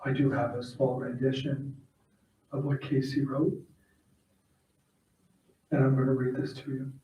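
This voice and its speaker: In a funeral home chapel, a man delivers a heartfelt eulogy, sharing plain personal stories and then leading a prayer. His mid-range voice is mellow and measured, with little movement in pitch. The recording sounds echoey, picked up from far off.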